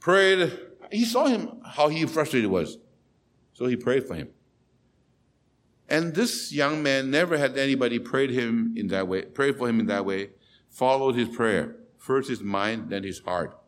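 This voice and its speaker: A male preacher interprets his own sermon. His voice sits in a middle register. He tells an animated story, dropping soft and then rising loud. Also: mid-range voice, a little slow.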